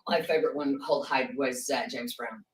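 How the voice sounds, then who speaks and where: A woman voice actor on a panel, speaking in a relaxed way with many fillers. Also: extremely low pitch, normal speed. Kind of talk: casual panel chat. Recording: far off in an echoey room with faint noise.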